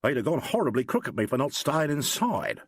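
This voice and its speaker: A narrator puts on a young New police sergeant in an audiobook, a man eager and admiring who gushes his story in lively, bouncing tones. The voice sits close and dry. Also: medium pitch, a little fast, breathy edge, no echo. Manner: chatty, admiring, slangy storytelling.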